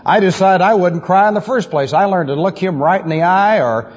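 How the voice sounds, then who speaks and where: A pastor's methodical doctrinal sermon, full of emphatic repeated phrases, comes through an old, lo-fi recording from an echoing hall. His voice is high, slightly rough, and a little fast.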